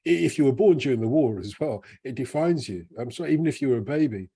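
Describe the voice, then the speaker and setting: A man's voice: medium pitch, expressive, fast talker, creaky, dark tone, slightly rough. A man co-hosting a casual football chat podcast, reflective, working his way around each point. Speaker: podcast co-host.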